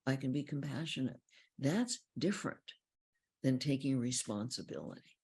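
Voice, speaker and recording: A woman counselor giving a calm, explanatory teaching talk about feelings, often repeating key phrases. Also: extremely low pitch, moderate pace, slightly rough. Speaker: relationship counselor.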